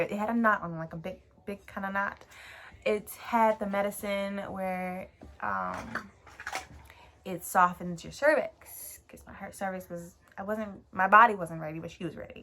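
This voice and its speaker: A woman's voice: medium pitch, fairly bright tone. A young woman vlogger telling a story in a casual, emotional way, with lots of fillers and casual swearing. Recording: clear background noise.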